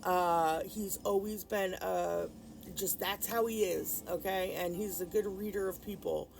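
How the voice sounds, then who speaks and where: A woman vlogger shares a personal story in a casual, rambling way. Her voice has a steady gravelly fry, and she keeps stopping to restart her sentences. Faint music plays underneath. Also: mid-range voice, unhurried, rough recording. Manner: rambling, frequent fillers and restarts; subdued and grieving in later part. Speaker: nail art vlogger.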